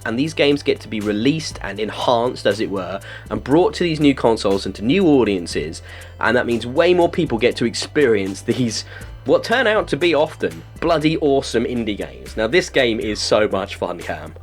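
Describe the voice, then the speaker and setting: A man's voice: mid-range voice, big pitch swings, normal speed. Male podcast host, casual game review chat, enthusiastic, gushing, faint music underneath. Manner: enthusiastic, gushing with filler words.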